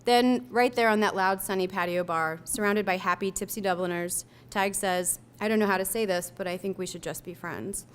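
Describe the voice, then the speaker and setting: A young woman reading her own personal essay aloud, telling it in a measured, reflective way. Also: mid-range voice, steady tone. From United States.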